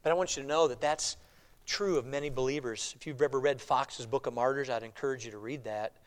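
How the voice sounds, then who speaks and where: A middle-aged male pastor preaching a sermon, animated, moving between loud emphatic lines and quiet intense ones. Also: mid-range voice, fairly quick, clean tone.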